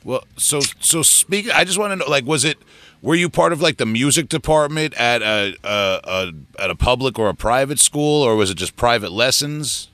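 A man hosting a podcast, asking questions in a soft, halting way. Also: mid-range voice, expressive. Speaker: podcast host. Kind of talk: interview questions.

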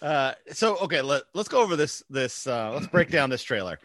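Bright-voiced joking man. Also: a little high, big pitch swings, dry recording, clean studio sound. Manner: joking, quick to do silly impressions. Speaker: podcast co-host. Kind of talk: casual chat reviewing a movie trailer.

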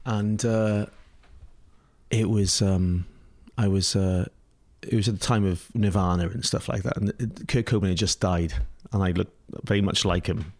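A man's voice: deep voice, fairly even intonation, moderate pace, darkish tone. A middle-aged Scottish man, an interview guest, telling a story casually with many restarts, fillers and laughs. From Scotland.

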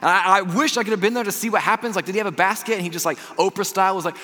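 A man preaching a sermon from the stage, talking in an animated, chatty way that swings between loud bursts and hushed asides. His voice sits a little high and sounds bright and forceful. The sound carries the long reverb of a large church hall. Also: racing, hardly any pauses. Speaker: pastor. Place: church auditorium.

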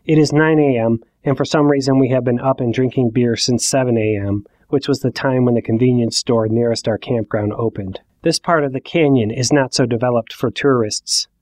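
A man's voice: mid-range voice, normal speed, hardly any pauses, darkish tone, no room sound. Wry self-mocking man in his forties. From Ohio. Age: 40s. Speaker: narrator. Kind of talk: first-person storytelling.

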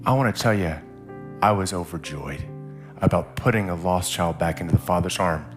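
A man preaching a sermon as a guest pastor, telling a story in a vivid, animated way. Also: low voice, normal speed, over music. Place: church service.

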